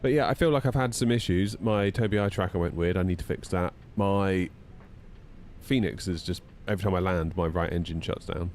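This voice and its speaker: A man chatting casually while streaming a flight sim at home, voice jumping high when he gets indignant. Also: a little fast, a little mellow, a little hiss or hum. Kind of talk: casual live-stream chat.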